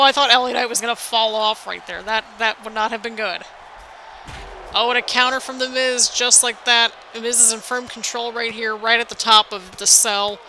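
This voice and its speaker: A woman calls the action of a wrestling video game with a bright, sharp tone. She exclaims constantly and frets aloud to her viewers. The delivery is excitable play-by-play with a faint hiss behind it. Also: a little high, low-quality recording. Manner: excitable, anxious, exclaims often, addresses viewers as people. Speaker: gaming video host.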